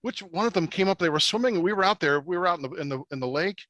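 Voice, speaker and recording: A man in his fifties, a podcast guest, jumping in with lively details while telling stories. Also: sits high, very fast, no echo, highs cut off. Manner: lively, jumps in to add details. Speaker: podcast guest, metal band member. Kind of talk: casual storytelling chat.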